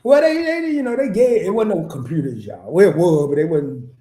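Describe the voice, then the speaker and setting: A man's voice: sits high, expressive, brisk, warm tone. A man from small-town Arkansas, telling a rambling, laughing story on a podcast. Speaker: podcast guest. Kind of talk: casual storytelling chat. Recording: echoey room.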